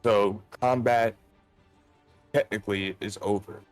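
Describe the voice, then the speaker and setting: A man's voice: fairly low pitch, fairly even intonation, no room sound, faint music behind. Man narrating as game master. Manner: casual, halting narration with fillers.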